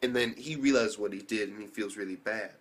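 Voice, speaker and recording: A man's voice: fairly low pitch, fairly quick, breathy edge. A young man casually recapping an anime episode, rambling with slang, swearing and many fillers. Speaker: anime reviewer.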